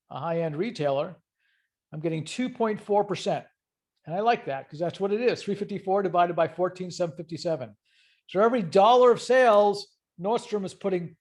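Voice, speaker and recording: In an online accounting lecture, a middle-aged instructor breaks topics down step by step, chatting conversationally and quizzing students. His voice sits high, with a darkish tone.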